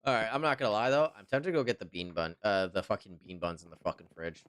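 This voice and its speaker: A man's voice: fairly low pitch, steady tone, fast, a bit bright. A man with a stuffy nose chatting casually on a live stream, rambling, swearing often and answering chat.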